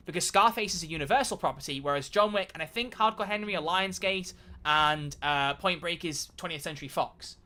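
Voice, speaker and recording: Bright-voiced man streaming. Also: fairly high pitch, fairly quick. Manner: chatty, animated, swears casually. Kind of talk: casual live-stream chat while gaming.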